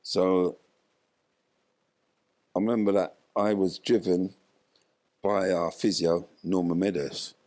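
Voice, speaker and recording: A man's voice: sits low, takes it slowly, long pauses. An older man, telling a story in an interview and acting out what people said. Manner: animated retelling, acts out quoted dialogue. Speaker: interview guest, former footballer.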